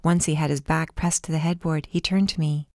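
Low-voiced woman narrating an audiobook. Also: dry recording, clean studio sound. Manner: calm, measured storytelling. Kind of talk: first-person audiobook narration.

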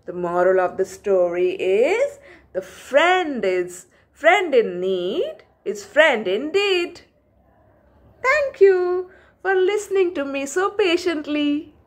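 A woman preschool teacher telling a moral story to young children in a slow, expressive way. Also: sits high.

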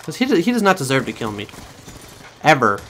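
A man giving profane, excitable commentary over his own gameplay and talking to his viewers. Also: medium pitch, brisk, slight background noise. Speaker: gaming channel host.

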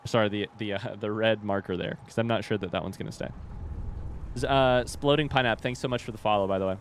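A man hosting a gaming channel, giving excitable, swearing commentary as he plays. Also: lowish voice, fast talker, a little hiss or hum. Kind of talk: live gameplay commentary. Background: game music.

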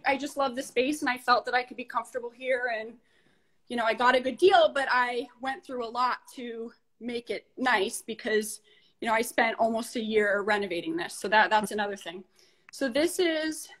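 A woman's voice: a little high, moderate pace, fairly bright tone, rough recording. A woman chatting casually while showing her apartment and giving practical advice. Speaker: apartment owner giving a home tour. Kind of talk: casual chat.

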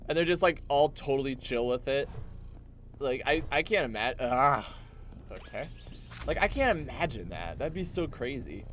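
A man's voice: lively intonation, normal speed, fairly bright tone, slight background noise. A man casually commenting on a game he plays on stream, rambling and joking as he goes. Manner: rambling, jokey, puts on silly high voices for clone banter.

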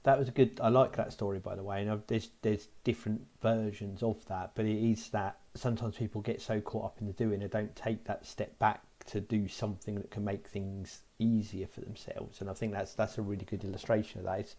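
A man's voice: lowish voice, flat delivery, brisk, hardly any pauses, warm tone. A middle-aged man co-hosting a podcast in casual chat, reflective and hesitant, often restarting his sentences. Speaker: podcast co-host.

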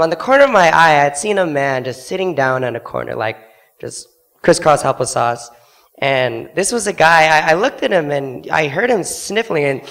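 A man's voice: on the high side, fairly bright tone, long reverb tail. A young man giving an earnest testimony to a church congregation from the front of a church sanctuary, speaking into a handheld microphone. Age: young adult. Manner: earnest storytelling, acting out quoted voices. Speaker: student literature evangelist.

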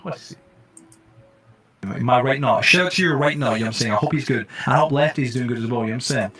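A man doing casual live-stream commentary while playing a game, jokey and excitable, swearing when startled. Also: mid-range voice, quick pace, husky.

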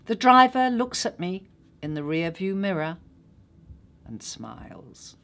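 An actress reading a literary short story aloud in a measured, unhurried way. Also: female voice, fairly low pitch, sing-song, fairly bright tone.

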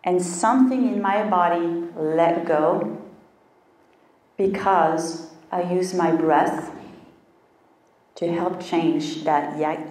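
A woman's voice: fairly low pitch, drawn-out words, long pauses, darkish tone, reverberant, recorded from a distance. A woman health coach giving a motivational talk, telling a personal story and acting out her inner voice.

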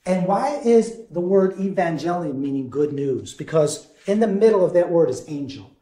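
A man in the role of a deacon, leading a conversational Bible study in an animated way, quizzing the group and chuckling often. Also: on the high side, moderate pace. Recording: echoey room.

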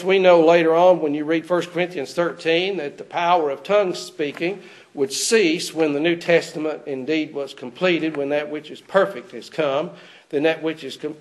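High-voiced man preaching a sermon. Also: fairly even intonation, moderate pace. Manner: asks rhetorical questions of the congregation. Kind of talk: expository sermon. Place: church.

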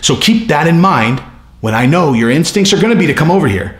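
A man voicing a hot-tempered middle-aged uncle who growls low, profane threats. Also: expressive, a little fast, reverberant, close to an everyday voice. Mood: threatening.

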